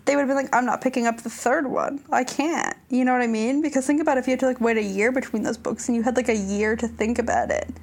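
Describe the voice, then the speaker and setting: A young woman chatting casually about books as a podcast co-host, animated and giggly, acting out characters' lines. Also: a little high, fast, few pauses. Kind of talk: casual book chat.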